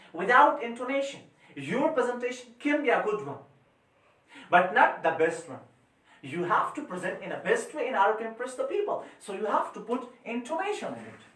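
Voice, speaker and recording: A man lectures his students with forceful energy, swinging his voice up and down and repeating his points. He sounds a little distant from the microphone. The classroom around him rings with echo. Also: very high voice. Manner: emphatic, repeats phrases, forceful rises and drops. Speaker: teacher. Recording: echoey room, mic far off.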